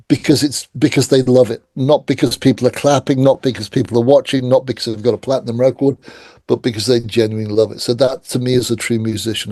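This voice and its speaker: A middle-aged man tells rock anecdotes in a relaxed interview, mimicking the people in his stories. His voice is dark and mellow, recorded dry and close on a call. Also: medium pitch, no room sound. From England. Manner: animated anecdotes, acts out quoted voices. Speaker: guest. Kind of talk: casual storytelling interview.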